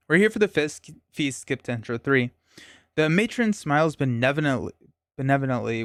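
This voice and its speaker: A man's voice: medium pitch, a little fast, dry recording, clean studio sound. A man hosting a solo board game playthrough, reading the story text aloud with stumbles, self-corrections and casual asides. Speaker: board game channel host.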